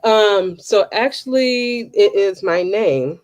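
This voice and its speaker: A woman's voice: medium pitch, takes it slowly. Woman performing emphatic spoken word. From Southside of Chicago. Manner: rhythmic, emphatic delivery with rising intensity; relaxed, casual talk with fillers when chatting. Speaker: poet.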